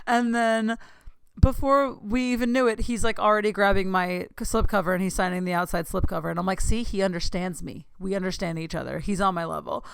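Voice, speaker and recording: A young woman hosting a podcast, telling a long excited story in casual chat, gushing and saying "like" a lot. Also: medium pitch, brisk, creaky, clear, resonant tone, dry recording. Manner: gushing, excitable, says "like" often. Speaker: podcast host.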